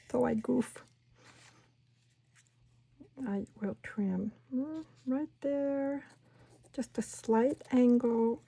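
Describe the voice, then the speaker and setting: Woman craft host, unhurried, husky with some fry, chatty and thinking aloud at her table. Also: fairly high pitch. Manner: chatty, talks herself through each step, drops into soft whispers. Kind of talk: casual crafting tutorial.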